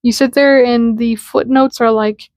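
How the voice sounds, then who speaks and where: A woman's voice: on the high side, fairly even intonation, measured pace, a little mellow, no room sound, studio quality. A woman giving a casual spiritual talk, chatty and slangy, acting out little dialogues as she explains. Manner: chatty and informal, acts out little dialogues in quotes; slangy, with lots of "like" fillers. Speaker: spiritual content creator.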